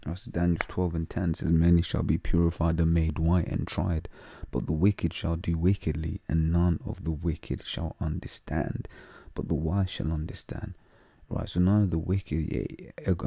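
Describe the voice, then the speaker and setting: A man's voice: sits low, little pitch movement, normal speed, creaky, warm tone, slightly rough, no room sound. A man with a London accent reading Bible verses aloud and explaining them in casual, slang-heavy talk full of fillers. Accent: London English. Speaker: religious teacher.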